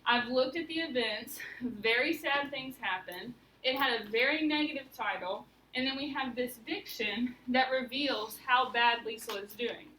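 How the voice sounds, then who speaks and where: High, bright woman teacher in a roomy classroom. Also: measured pace, few pauses. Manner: questioning, guiding students step by step. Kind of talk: classroom lesson. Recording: roomy, mic at a distance, faint room noise.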